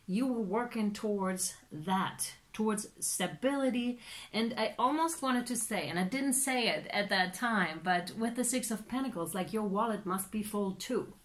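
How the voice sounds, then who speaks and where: A woman giving a casual tarot reading, chatty and animated, with many fillers and playful acted-out reactions. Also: medium pitch, normal speed. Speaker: tarot reader.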